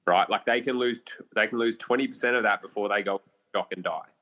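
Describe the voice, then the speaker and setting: On a podcast, a guest with an Australian accent recounts a bowhunting tale, loose and energetic, with plenty of swearing and filler words. He has a lowish voice and talks a little fast.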